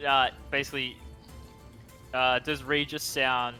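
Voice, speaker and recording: A man's voice: mid-range voice, level tone, a little slow, bright, forceful tone, faint music behind. A man playing in a tabletop game, wry and joking. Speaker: player. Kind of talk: casual tabletop play.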